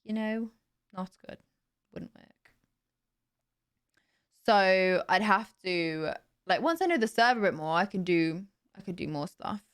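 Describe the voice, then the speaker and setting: A young woman with a Southern English accent chats casually on a live stream, rambling and answering her viewers' questions as they come in. Her voice sits at an ordinary middle pitch. She is recorded on a desk mic at home. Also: lively intonation, unhurried, pauses often, clean tone. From south of England. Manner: chatty, rambling, reads and answers chat. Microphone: desk mic with noise gate.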